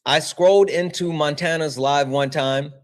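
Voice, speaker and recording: A man's voice: a little high, normal speed. A man hosting a livestream, talking casually with lots of swearing and frequent laughter. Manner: profane, animated, laughing often. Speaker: livestream host.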